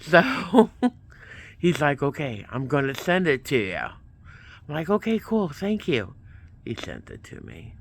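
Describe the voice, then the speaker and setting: Guy vlogging, slow and rambly, telling a story from his week, plays out both sides of the talk. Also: a little high, huge pitch swings. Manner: rambling, retells events with quoted back-and-forth. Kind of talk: casual storytelling vlog.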